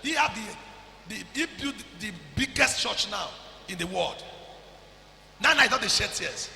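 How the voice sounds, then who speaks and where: A man with a Nigerian accent preaching a fervent sermon, breaking into shouts and slipping into pidgin. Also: high voice, lively intonation, unhurried, creaky. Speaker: pastor. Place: church. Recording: echoey church hall.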